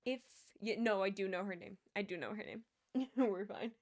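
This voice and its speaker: A woman's voice: medium pitch, moderate pace. A young woman streamer telling a rambling story in casual chat, laughing often and filling her talk with "like".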